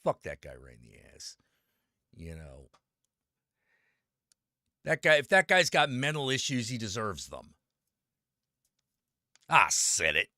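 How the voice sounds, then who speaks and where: A man's voice: mid-range voice, big pitch swings, takes it slowly, long pauses, sharp tone, no room sound, clean studio sound. A man live-streaming and chatting with viewers, ranting with a lot of swearing and greeting people by name. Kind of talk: casual live-stream chat.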